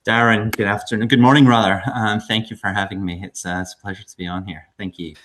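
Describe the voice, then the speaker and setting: Middle-aged Scottish man, low voice, chatty anecdotal guest, chuckles between stories. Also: steady tone, fast talker, a bit bright, a little hiss or hum. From Scotland. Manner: chuckles through anecdotes, frequent ums and restarts. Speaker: podcast guest. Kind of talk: conversational storytelling.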